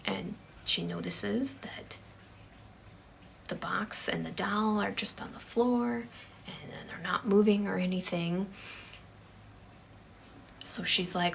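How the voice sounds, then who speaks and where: A woman telling a ghost story in a hushed voice that keeps dropping to a whisper, with a creaky texture. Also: mid-range voice, steady tone, slow pace, long pauses, a little hiss or hum.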